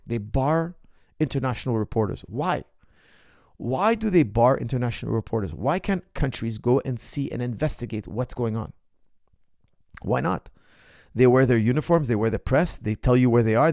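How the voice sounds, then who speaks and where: Speaking in a creaky, slightly mellow mid-range voice, the martial arts coach delivers an ask-me-anything livestream monologue. He argues fervently and hurls rhetorical questions at viewers, and the studio recording is clean and dry.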